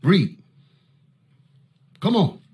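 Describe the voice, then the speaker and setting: A man preaching Bible teaching with fiery force, breaking into loud shouted outbursts and barking commands at a reader. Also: drawn-out words.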